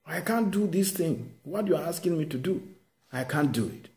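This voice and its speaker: Man acting out an anxious pleading man, stammers, lively, high, dark tone. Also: moderate pace. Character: Moses, a pleading self-doubting grown man. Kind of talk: sermon with acted quotes.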